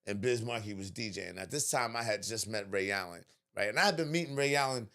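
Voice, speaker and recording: A man hosting a podcast, telling a story in casual chat, animated and profane, laughing often. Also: fairly low pitch, fast talker. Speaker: podcast host.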